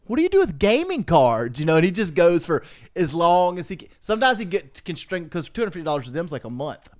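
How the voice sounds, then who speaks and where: Brief: male podcast co-host, slightly high voice, animated storyteller who acts out quotes. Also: fast. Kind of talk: casual chat.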